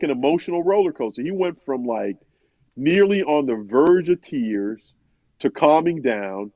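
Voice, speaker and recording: In a fairly high male voice, a chatty sportswriter guest tells a story, rambling and restarting many times while quoting others in his own voice. The podcast audio is dry, dull, and muffled.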